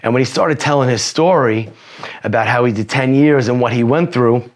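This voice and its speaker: Speaking at normal speed with a medium pitch, a man appears as a podcast guest to recount his life in a rambling, casual way, heavy on profanity and constantly dropping in "you know."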